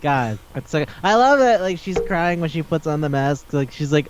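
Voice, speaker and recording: A man with a fairly high voice co-hosts a casual anime chat and swears freely. He jumps into quick put-on voices for the characters as he retells scenes. The sound is dull and lo-fi. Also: smooth. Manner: animated, profane, acts out characters in quick voices. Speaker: podcast co-host.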